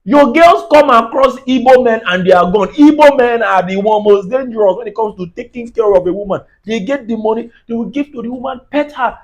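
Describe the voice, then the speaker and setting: High-voiced ranting Nigerian man. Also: brisk, hardly any pauses, poor audio. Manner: heated, preachy, laughing at his own jabs. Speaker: comedian. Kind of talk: comedic rant to camera.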